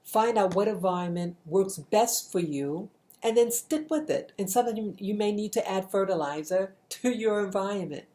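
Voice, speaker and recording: Earnest middle-aged woman, mellow voice. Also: mid-range voice, normal speed. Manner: earnest, repetitive, with frequent restarts. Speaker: video blogger giving a motivational message. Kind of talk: casual spoken monologue.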